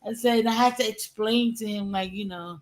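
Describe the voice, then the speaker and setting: A woman co-hosting a casual commentary chat, speaking at a mid pitch. She is a mother telling blunt anecdotes, laughing often and throwing in casual swearing. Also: fairly quick. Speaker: co-host and mother.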